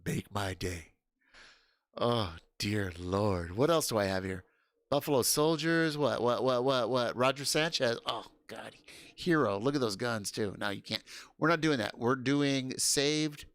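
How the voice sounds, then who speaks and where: A man hosting a casual livestream, loud and excitable, swearing and laughing often. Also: mid-range voice, unhurried, dry recording. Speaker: livestream host.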